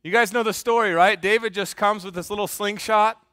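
Male pastor, sermon, playful and conversational, dry close sound, high voice. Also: steady tone, brisk, sharp tone, dry recording. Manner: joking, conversational, quizzes the congregation.

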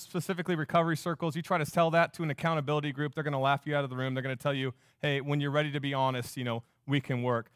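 A pastor preaching a sermon, emphatic and fond of repeating phrases for effect. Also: male voice, fairly high pitch, no echo, clean studio sound.

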